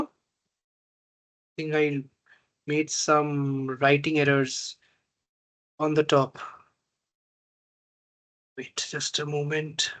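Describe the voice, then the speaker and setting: Man, tutor, slow deliberate speech, halting delivery, checks in with students. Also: a little high, a bit bright. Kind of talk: online math tutorial.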